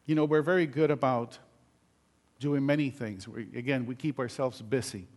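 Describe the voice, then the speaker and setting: A man's voice: medium pitch, moderate pace, a little mellow. An older man, a pastor, giving a sermon in a conversational storytelling way, with many fillers and restarts.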